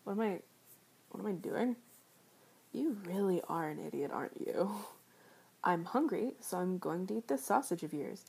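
A young woman voicing a teasing, foul-mouthed young fast-food worker in an adult audio role-play, often dropping into a breathy whisper. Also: lowish voice, lively intonation, a little mellow, full character voice. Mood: mocking. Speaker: voice actor.

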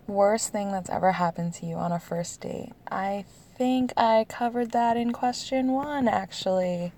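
Woman, thirties, confessional storytelling, mellow dark tone, fry in the voice, laughs often. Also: mid-range voice. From United States. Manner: chatty, laughs often, heavy use of "like". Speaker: storyteller answering questions.

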